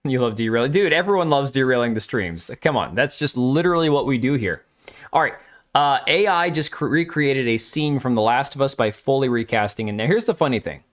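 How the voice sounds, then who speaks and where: A man's voice: mid-range voice, expressive, fairly quick. A man hosting a live stream, giving blunt, opinionated and crude commentary while talking back to his chat.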